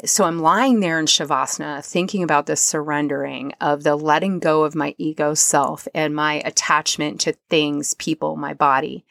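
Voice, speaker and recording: The podcast host, a woman with a low, gravelly voice, reflects on a personal experience at a moderate pace, keeping a steady tone and hardly pausing. She is soft, earnest and emotional, at times close to tears. The recording is dry.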